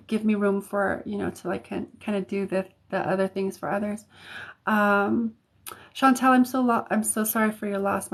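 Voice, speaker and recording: An American woman chatting on a livestream as a psychic reader, talking casually with many fillers and restarts. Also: fairly high pitch.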